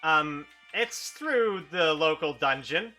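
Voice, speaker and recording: A man's voice: fairly high pitch, lively intonation, bright, forceful tone, faint music behind. A man running an improvised tabletop game as dungeon master, narrating loosely and calling for rolls. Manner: quick, loose, calls for rolls.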